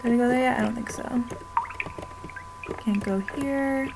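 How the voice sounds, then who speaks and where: A woman's voice: a little high, fairly even intonation, measured pace, vocal fry, noisy background. A woman giving casual, chatty commentary on a video game, wondering aloud as she plays, with game music underneath. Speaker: let's play commentator. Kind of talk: gameplay commentary.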